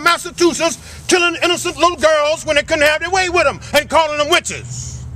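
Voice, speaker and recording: A man gives a fiery speech outdoors, his voice unusually high and ringing bright. He works the crowd like a preacher, calling for amens between points. A faint hum of outdoor noise sits under him. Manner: preacher-like call and response. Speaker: speaker at a flag ceremony. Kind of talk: impassioned public speech. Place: outdoors at a cemetery ceremony.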